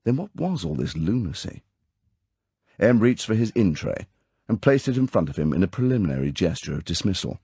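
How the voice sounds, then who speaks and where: A male narrator reads a novel aloud in a measured, expressive way. His voice is very deep with a gravelly, husky texture and lively rises and falls. The recording is close and dry. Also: dry recording. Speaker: audiobook narrator. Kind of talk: scripted narration.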